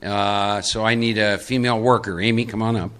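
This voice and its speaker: Bright-voiced man coaching a workshop crowd. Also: lowish voice, fairly even intonation, brisk, slight background noise. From Texas, USA. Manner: coaching, directs audience volunteers into roles; emphatic, repeats key points. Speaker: recovery workshop speaker. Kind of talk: live workshop talk to an audience.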